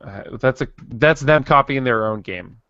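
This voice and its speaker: A man co-hosting a casual podcast who talks haltingly, repeating words and mumbling. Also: mid-range voice, fairly bright tone, no room sound, lo-fi sound. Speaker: podcast co-host. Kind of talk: casual chat.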